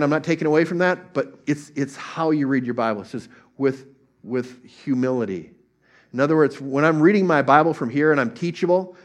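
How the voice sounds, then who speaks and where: A middle-aged man preaching a sermon with earnest delivery, often dropping into soft, gentle tones. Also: fairly high pitch. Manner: earnest, drops to soft gentle tones when voicing God. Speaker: pastor.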